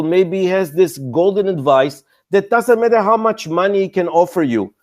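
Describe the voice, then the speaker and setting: A man's voice: a little high, a little mellow. An older man speaking as an investor on a panel, blunt and exasperated, often mocking founders. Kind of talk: animated panel talk.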